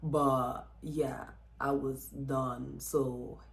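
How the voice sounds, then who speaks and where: Low-voiced woman telling a story in an echoey room. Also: very slow, gravelly. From Texas. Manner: chatty and expressive, with many fillers and quoted dialogue. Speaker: vlogger. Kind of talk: casual storytelling vlog.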